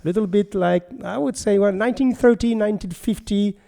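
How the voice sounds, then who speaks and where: Gravelly, mellow-voiced male host. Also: high-pitched, a little fast. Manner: enthusiastic, meandering, many fillers. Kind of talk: casual interview chat.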